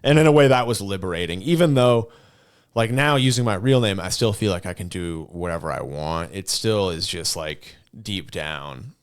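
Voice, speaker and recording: Male comedian guest, deep voice, casual and halting, lots of filler. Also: lively intonation, clear, resonant tone. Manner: hesitant, full of ums, trailing off. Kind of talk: casual podcast chat.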